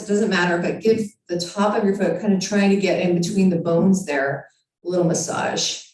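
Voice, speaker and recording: A woman leads a yoga lesson in a calm, encouraging voice, cueing each movement step by step. She sounds some way from the microphone. A strong echo hangs around her in the room. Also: medium pitch, brisk. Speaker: yoga teacher. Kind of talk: guided yoga instruction. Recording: very echoey room, far from mic.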